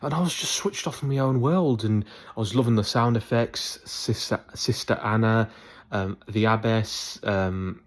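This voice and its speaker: Low-voiced young guy rambling on in a chatty vlog. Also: moderate pace. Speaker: YouTuber. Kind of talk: casual vlog monologue.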